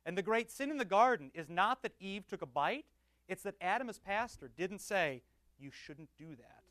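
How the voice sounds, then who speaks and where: A man preaching as pastor, teaching with banter and swinging from soft asides to loud emphatic bursts. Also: high-pitched, animated, normal speed, dry recording. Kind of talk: teaching sermon with audience banter.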